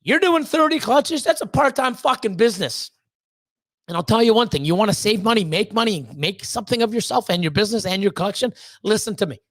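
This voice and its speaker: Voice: medium pitch, lively intonation, fairly quick, a bit bright. A reptile breeder hosting a livestream, talking bluntly and heatedly to the chat, swearing often and restarting sentences. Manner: emphatic repeated pleading. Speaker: reptile breeder and channel host. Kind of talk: casual livestream talk to chat.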